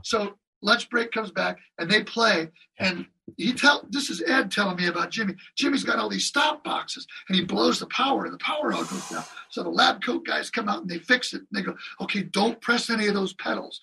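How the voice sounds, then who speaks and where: Excitable high husky man telling stories. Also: fairly quick, distant mic, poor audio. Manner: lively anecdotes with voiced impressions and drum sounds. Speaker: guest drummer. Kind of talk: animated storytelling in an interview.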